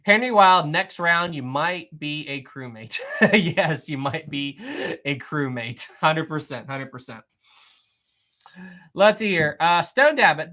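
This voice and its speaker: Bright-voiced chatty live-stream host. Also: medium pitch. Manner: chatty, often repeats phrases. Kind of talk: casual live-stream chat, reading and answering chat.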